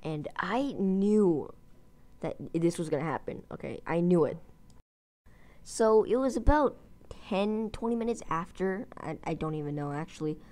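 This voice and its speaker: A woman's voice: lowish voice, animated, a little slow, warm tone. A woman telling a story in a casual vlog, rambling with lots of fillers and restarts. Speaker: gaming channel host.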